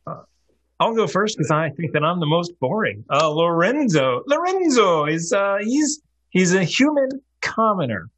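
Animated-sounding player, modest and halting. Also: medium pitch. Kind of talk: casual chat.

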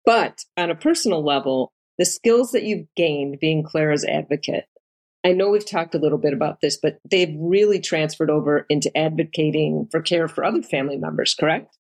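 A woman's voice: low voice, moderate pace, darkish tone. A woman interviewing a guest, affirming what she hears and leading into follow-up questions. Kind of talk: conversational interview.

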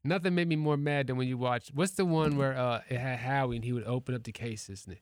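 A man in his thirties chatting casually on a podcast, telling animated stories about his kids and acting out family members in raised voices. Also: mid-range voice, fast, dry recording, clean studio sound. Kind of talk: casual chat.

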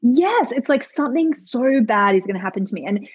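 A woman's voice: a little high, animated, fairly quick, slightly rough, no room sound, dull audio. A woman coach as a podcast guest, talking candidly and animatedly, swearing casually and acting out what other people say. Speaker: guest, money mindset coach. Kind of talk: candid conversational interview.

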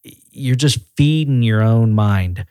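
A man who directs a group of auto repair shops, talking as a guest in a casual podcast conversation. He speaks in a relaxed, conversational way. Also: medium pitch, slow, no room sound, studio quality. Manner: relaxed and conversational, often acting out quoted voices.

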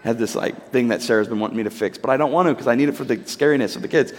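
Man, 30s, pastor, chatty sermon style, acts out voices, mid pitch, long reverb in a hall. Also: racing. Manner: conversational, animated storytelling, acts out voices. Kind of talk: sermon with storytelling.

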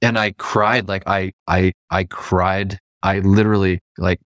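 A man with a low voice shares a personal story as a podcast guest. He is from Canada and he brings quoted lines to life with sudden jumps in pitch. The sound is dry and close, with no room echo. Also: flat delivery, measured pace, a bit bright.

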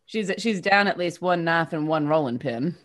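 A woman's voice: low voice, expressive, normal speed, fairly bright tone. A woman taking part as a player in a tabletop role-playing game, reasoning aloud with restarts. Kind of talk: casual tabletop play.

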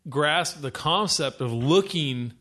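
A laid-back man chatting about his children, tossing in dude and man as he tells stories. His voice sits a little high for a man. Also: lively intonation, slow, crowd noise. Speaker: parent in conversation. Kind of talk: casual chat.

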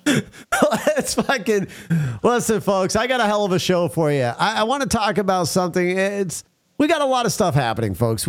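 A man hosting a talk show, ranting bluntly and crudely and often calling out to his listeners as folks. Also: a little high. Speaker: podcast host. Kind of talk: casual talk show banter and rant.

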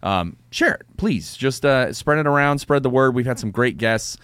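A man hosting a casual podcast, upbeat and quick to laugh. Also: medium pitch, lively intonation, fairly bright tone, smooth, dry recording. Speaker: podcast host.

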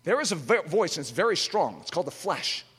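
A man preaching an impassioned sermon, emphatic, with rhetorical questions and sudden loud outbursts, in a large hall. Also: sits high, big pitch swings, quick pace, slightly rough. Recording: echoey hall with long reverb.

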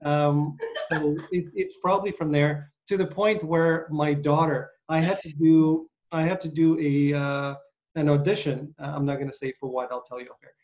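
A man's voice: a little high, level tone, moderate pace, darkish tone. A man hosting an interview, telling stories in a rambling, hesitant way with many uhs. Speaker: podcast host. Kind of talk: casual interview chat. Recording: dull lo-fi sound.

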